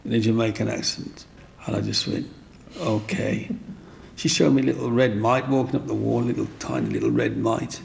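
A man with a mid-range, gravelly voice and lively intonation tells stories from his life in an interview at normal speed, with a little hiss or hum in the recording. He rambles, repeats himself, and often says "you know what I mean".

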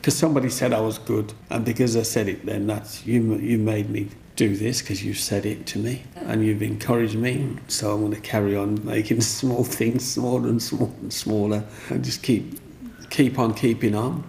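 Gravelly-voiced man, rambling. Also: lowish voice, fairly even intonation, normal speed, darkish tone, a little hiss or hum. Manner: rambling, repeats himself, often says "you know what I mean". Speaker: interviewee. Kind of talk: storytelling in an interview.

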